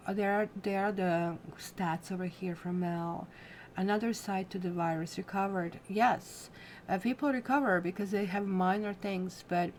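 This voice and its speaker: A woman reads tarot cards on a casual livestream, chatting at length and speaking straight to her viewers. Her voice sits at an ordinary middle pitch. A faint hum of room sound stays behind her. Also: a little mellow. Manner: chatty and rambling, addresses viewers directly; reacts to viewer comments. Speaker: tarot reader.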